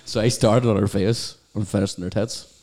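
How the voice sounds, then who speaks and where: A man's voice: fairly low pitch, fairly even intonation, normal speed, a crowd in the background. A man telling crude comic stories as a podcast guest, swearing and laughing as he talks. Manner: swearing, laughing through his own stories. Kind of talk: crude comedic storytelling.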